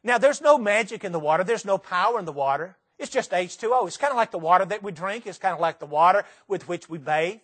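A Southern preacher with a notably high voice delivers a sermon in a church. He speaks earnestly and repeats his points, slowing down to press each phrase home. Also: expressive, fairly bright tone. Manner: earnest, repetitive, slow emphatic phrases. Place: church sanctuary.

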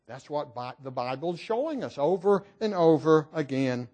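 A man preaching a sermon in an earnest, emphatic, measured way. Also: a little high, very animated, darkish tone.

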